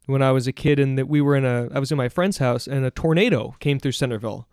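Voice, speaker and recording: A man's voice: medium pitch, fast, a little mellow, clean tone, dry recording, studio quality. A man in his thirties, a father and podcast guest, talking easygoingly with lots of fillers and ready laughs. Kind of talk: casual conversational interview.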